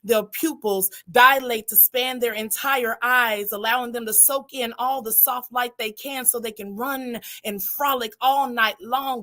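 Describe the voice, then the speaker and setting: A woman performing a spoken word poem at a slam, with a dramatic, rhythmic delivery that swings from hushed to shouted. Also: fairly high pitch. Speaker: competing poet.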